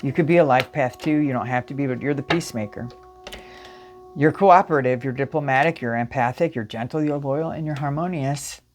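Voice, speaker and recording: A woman's voice: very deep voice, brisk, a little mellow. A woman giving a casual spiritual tarot reading straight to viewers, emphatic and repetitive. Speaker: tarot reader.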